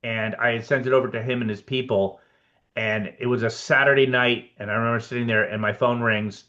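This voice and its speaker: A man, a production designer guest on a podcast, telling animated anecdotes and acting out both sides of his conversations. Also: medium pitch, brisk, highs cut off. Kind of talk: casual storytelling interview.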